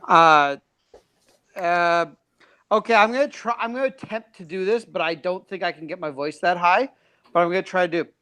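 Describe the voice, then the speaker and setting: A man's voice: sits high, moderate pace, pushed and bright, smooth, no room sound. A young man on a beer review panel, reading out viewer comments in casual chat and often stammering and restarting.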